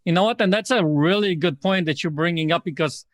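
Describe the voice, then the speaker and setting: A woman's voice: on the low side, brisk, dry recording, studio quality. A woman hosting a podcast, chatting and responding to her guest. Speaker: podcast host. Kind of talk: conversational interview.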